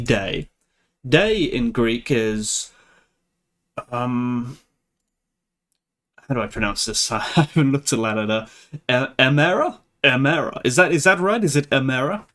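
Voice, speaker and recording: In a fairly bright, mid-range voice, a young livestream host makes casual conversation with the people watching. He laughs a lot and frequently starts sentences over.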